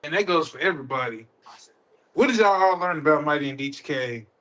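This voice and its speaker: Wrestler guy with a bright edgy voice, cool and teasing. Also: fairly high pitch, animated, quick pace. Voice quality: confident, teasing. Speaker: wrestler guest. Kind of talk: casual trash talk.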